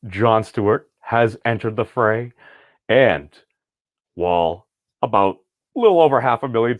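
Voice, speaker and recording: A man in middle age, hosting his own commentary video. His voice sits low and dry, right up against the mic with no room sound. He rambles from point to point with a wry, offhand tone. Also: dry recording, phone-quality sound. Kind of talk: casual online commentary.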